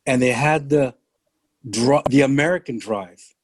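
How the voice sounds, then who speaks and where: An older man from San Francisco speaking as a podcast guest, earnest and deliberate in a reflective conversation. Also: mid-range voice, dry recording. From San Francisco, California.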